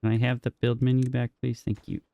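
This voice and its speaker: A man with a medium-pitched, creaky, warm-toned voice speaks a little fast in a completely flat delivery, recorded with lo-fi sound. A gaming streamer, he narrates his own building gameplay casually, thinking aloud and joking with himself and the game.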